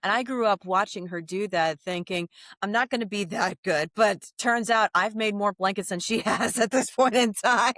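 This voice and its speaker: A woman in her thirties, a podcast guest with a neutral Midwestern American accent, telling animated stories with quick asides and frequent laughter. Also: mid-range voice, no room sound. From New Orleans. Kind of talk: casual interview chat.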